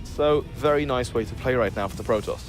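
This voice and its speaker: A man commentating a strategy game as a caster, joking dryly with his co-caster between steady, analytical calls. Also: mid-range voice, brisk, music in the background. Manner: dry joking banter, then steady analysis. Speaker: esports caster.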